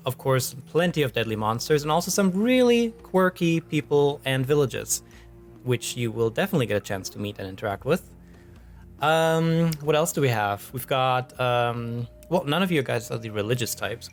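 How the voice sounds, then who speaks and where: A man narrating as game master in a relaxed, loose way, with many pauses and fillers. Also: fairly high pitch. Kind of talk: casual narration of a tabletop game.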